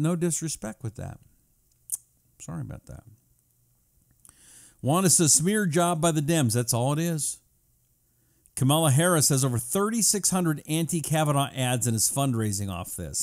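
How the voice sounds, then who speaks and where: A man's voice: on the high side, a little mellow. A middle-aged man hosting a talk radio show, reading listener messages and giving emphatic, repetitive commentary. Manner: emphatic, repetitive, sometimes drawn out.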